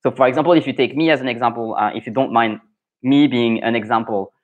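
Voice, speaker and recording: Casting: young adult male French coach, French accent, mid-pitched voice, loose live-stream chat full of fillers. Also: fast talker, phone-quality sound. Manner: chatty, thinks aloud with many fillers and restarts.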